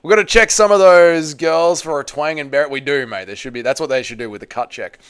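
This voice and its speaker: Male streamer, fairly high, clean voice, crude joking chat host. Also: quick pace, smooth. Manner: crude, teasing banter with frequent swearing. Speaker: livestream host. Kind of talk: casual watch-along chat, reading out viewer messages.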